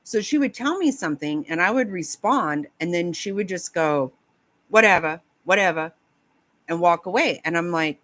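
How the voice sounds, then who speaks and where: A woman's voice: lowish voice, animated, moderate pace, few pauses, fairly bright tone, dry recording. A woman chatting casually with viewers on a live stream, laughing often, swearing and rambling in a flustered way.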